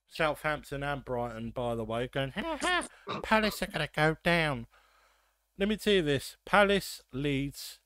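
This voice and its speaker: A man hosting a casual football podcast, ranting and swearing with quick asides. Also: medium pitch. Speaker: podcast host.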